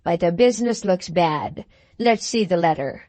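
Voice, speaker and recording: A woman voicing a bold, mocking Scottish outlaw man in a storybook, with a Scottish accent and drawn-out, teasing speech. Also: fairly low pitch, expressive, warm tone, no echo, lightly acted. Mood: brisk.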